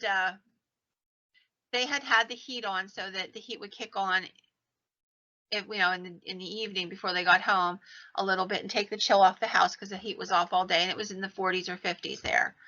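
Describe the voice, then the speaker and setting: A woman hosts a podcast, retelling ghost stories in a casual, animated way. Her voice is bright and clear-toned. The recording sounds a little dull and lo-fi. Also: mid-range voice. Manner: animated retelling, acts out quoted lines in her own voice. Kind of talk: casual storytelling. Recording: slightly dull lo-fi podcast audio.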